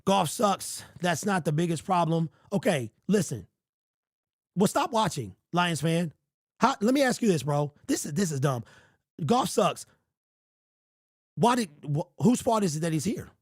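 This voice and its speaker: A man's voice: sits high, expressive, unhurried, long pauses, slightly rough, no echo, studio quality. Fired-up man ranting on a sports stream. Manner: heated, exasperated, repetitive. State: strained voice. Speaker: sports podcast host. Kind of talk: livestream sports rant.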